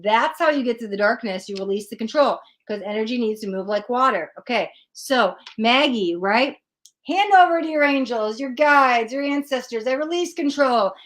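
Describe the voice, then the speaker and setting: Animated woman giving a live tarot talk. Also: mid-range voice. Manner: earnest and animated, acts out her own panicked thoughts. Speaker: tarot reader hosting a live stream. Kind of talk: casual spiritual talk to a live chat.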